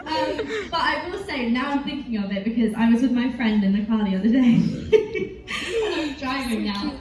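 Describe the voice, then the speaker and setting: A woman with a fairly high voice tells giggly, rambling stories on a convention stage, full of "like" and "um". Her voice bounces around a huge echoing hall and comes from some distance from the mic. Steady background noise sits under everything. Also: moderate pace, crowd noise. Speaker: panel guest answering fan questions. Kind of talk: casual convention Q&A.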